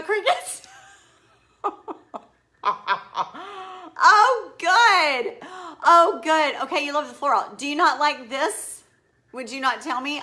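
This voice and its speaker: A woman's voice: fairly high pitch, pushed and bright. A middle-aged woman, a furniture painter chatting casually on a live stream, rambling as she works and reading viewer comments aloud. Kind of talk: casual live-stream chat while demonstrating a craft.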